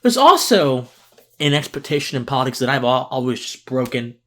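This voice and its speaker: A man hosts a political commentary podcast, speaking off the cuff at a mid-range pitch. He sounds mentally worn out and slower than his usual pace. Still earnest and impassioned, he stumbles into restarts as he pushes his points. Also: big pitch swings.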